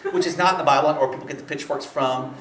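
Man, casual storytelling, rambling, animated, high-pitched, roomy echo. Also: recorded from a distance, crowd noise. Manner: rambling, animated, laughs often, quick voice switches for quotes.

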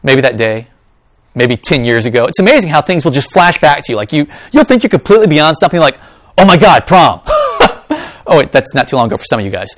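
In a dry, clean studio recording, a pastor with a mid-range voice talks at a quick pace. After reading scripture aloud, he turns to the congregation with animated asides and jokes.

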